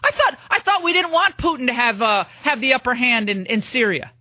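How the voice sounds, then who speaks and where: A middle-aged woman hosts political talk radio in a sarcastic, mocking monologue. Her voice is high, bright and swings widely in pitch. The studio sound is dry, and the broadcast audio is a little dull. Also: lively intonation, no echo. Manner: sarcastic, mocking, rapid-fire listing. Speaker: radio talk show host.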